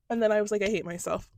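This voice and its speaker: Recorded dry in a podcast studio, a female co-host with a mid-range voice tells stories in easygoing conversation. She's lively in the telling and doesn't hold back on swearing.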